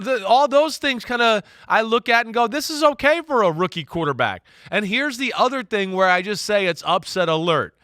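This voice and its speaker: Emphatic high-voiced man talking football. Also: smooth, no room sound, studio quality. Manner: animated, emphatic, trails into restarts. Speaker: co-host, football analyst. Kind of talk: casual sports chat.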